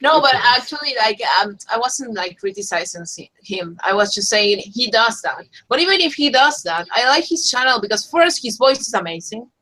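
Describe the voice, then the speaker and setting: Woman, bright tone, higher voice, profane, animated, podcast panel chat. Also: moderate pace, hardly any pauses, rough recording. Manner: profane, animated, laughs often. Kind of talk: casual group podcast chat.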